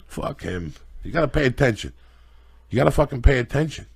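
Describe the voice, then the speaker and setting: A middle-aged man hosting a casual podcast chat, ranting loudly and profanely in a preachy way. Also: medium pitch, animated, a little fast. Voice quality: gravelly and husky. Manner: loud, profane, preachy rants. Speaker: podcast host.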